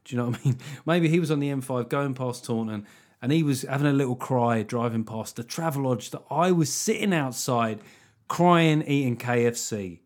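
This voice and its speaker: A man's voice: mid-range voice, moderate pace, darkish tone. A middle-aged man hosting his own podcast, chatting casually with rambling, self-deprecating jokes. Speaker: comedian and podcast host. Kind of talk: casual solo podcast chat.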